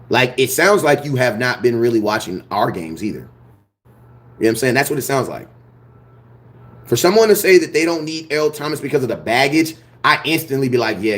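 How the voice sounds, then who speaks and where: A man hosting a sports fan channel, ranting his opinions in a blunt, slangy, animated way. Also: on the high side. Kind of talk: fired-up sports opinion rant.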